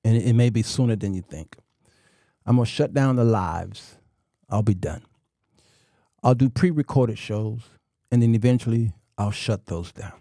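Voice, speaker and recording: Mellow-voiced preachy man in his fifties. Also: on the low side, normal speed, pauses often, no echo, clean studio sound. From United States. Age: 50s. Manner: preachy, folksy, repeats himself. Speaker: show host. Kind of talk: casual talk-show monologue.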